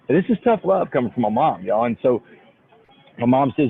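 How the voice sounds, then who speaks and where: A man's voice: mid-range voice, lively intonation, brisk, vocal fry, breathy edge. A man, telling his life story as a motivational speaker in a folksy way, calling in from an airport. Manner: folksy, keeps saying y'all. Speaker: guest speaker. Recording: tinny phone line, faint noise.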